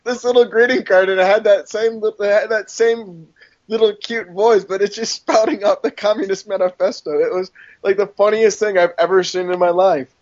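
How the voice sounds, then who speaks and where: Playful high-voiced podcast co-host, lo-fi. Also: male voice, steady tone, moderate pace, dry recording. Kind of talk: casual podcast chat. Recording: dull lo-fi podcast audio.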